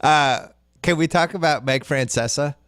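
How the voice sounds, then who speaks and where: A man hosting a podcast, chatting casually about sports and trading quick jokes. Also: a little high, a bit bright, smooth, no echo, studio quality. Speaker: podcast host.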